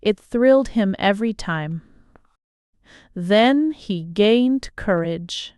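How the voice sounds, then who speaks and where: A woman narrating a novel as an audiobook, in measured, unhurried storytelling. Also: medium pitch, lively intonation, a little mellow, clear, resonant tone, no room sound, studio quality.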